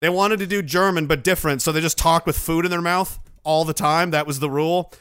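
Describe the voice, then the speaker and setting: Profane, rambling, bright-voiced male host. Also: fairly high pitch, fairly even intonation, fairly quick, clean tone, no room sound, studio quality. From Nova Scotia, Canada. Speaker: livestream host. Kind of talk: casual livestream chat reading viewer messages.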